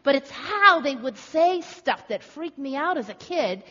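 Higher-voiced woman preaching in an echoey hall. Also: animated, unhurried, bright, forceful tone. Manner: dramatic, rhetorical, building emphasis. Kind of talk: sermon. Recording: echoey hall, slightly dull.

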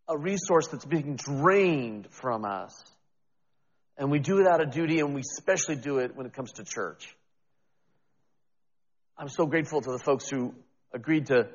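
Man, pastor, conversational sermon, self-deprecating, long church reverb, slightly dull sound. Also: fairly high pitch.

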